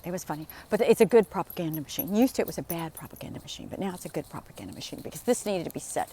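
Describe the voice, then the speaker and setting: Woman, 60s, lower voice, casual walking vlog, rambles and acts out quotes; light outdoor hiss. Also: animated, very fast, mellow. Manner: rambling storytelling, acting out quotes. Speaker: vlogger. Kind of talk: casual chat while walking. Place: outdoors in the desert.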